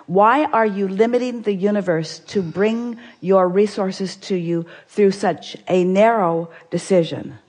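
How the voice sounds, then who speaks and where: A woman leading a live seminar question-and-answer, speaking as a collective "we" in a measured, emphatic way. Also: medium pitch, darkish tone.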